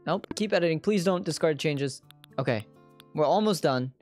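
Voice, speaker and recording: A woman streaming a video game, talking through every step in a lively voice that swoops up and down. She chats casually and throws in sudden squealing shouts, with soft game music playing faintly behind her. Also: sits low, normal speed. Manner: chatty narration of her own actions, with sudden squealing outbursts. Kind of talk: casual livestream gameplay commentary.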